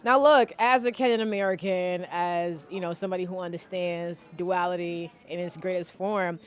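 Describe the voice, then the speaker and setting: A woman hosting an interview podcast, talking in an animated, expressive way with many quick affirmations. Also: on the low side, soft background music. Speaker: podcast host. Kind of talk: interview conversation.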